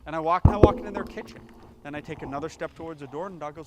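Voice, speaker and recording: A man's voice: fairly high pitch, very fast, background noise. A man telling casual stories about training dogs, acting out scenes with sound effects and little voices. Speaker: dog trainer in a played clip. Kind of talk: animated casual storytelling.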